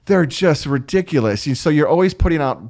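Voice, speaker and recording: A man's voice: fairly high pitch, fairly quick. A man telling work stories in a loose, casual chat. He jumps between his own voice and impressions of the people he describes, stumbling and restarting as he goes. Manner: animated, acts out voices in anecdotes, frequent restarts. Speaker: guest line producer.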